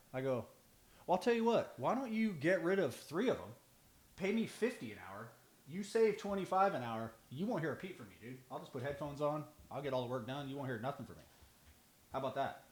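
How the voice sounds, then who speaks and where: A man's voice: fairly high pitch, lively intonation, fairly quick, roomy sound. A man telling stories in a casual podcast chat, acting out both sides of each conversation. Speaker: band drummer, podcast regular.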